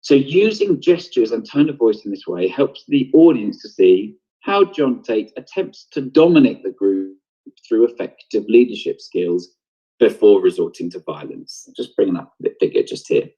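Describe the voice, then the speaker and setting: A man's voice: fairly low pitch, expressive, moderate pace, warm tone, breathy edge, lo-fi sound. A man teaching an online drama lesson, explaining step by step and thinking aloud. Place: home, on a video broadcast.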